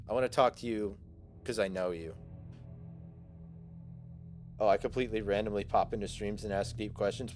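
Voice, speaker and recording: A man's voice: mid-range voice, a little mellow. A man in his twenties, a streamer, chatting casually with his viewers and rambling through a self-deprecating story full of fillers.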